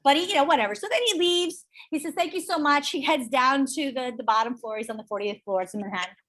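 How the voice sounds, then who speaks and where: A middle-aged woman leading a real estate sales training, chatty and energetic, telling stories to the room. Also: high-pitched, fast talker. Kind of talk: training workshop talk.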